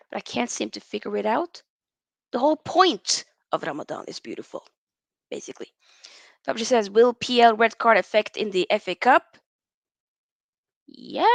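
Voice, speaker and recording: A woman hosting a casual football livestream, rambling and animated as she reads out chat and answers viewers. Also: a little high, creaky, no room sound. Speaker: football channel host.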